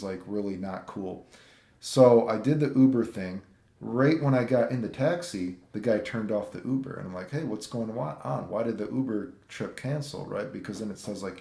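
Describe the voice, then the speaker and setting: A man telling travel stories in a casual, rambling vlog, swearing and getting animated as he retells run-ins. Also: on the low side, reverberant. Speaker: vlogger.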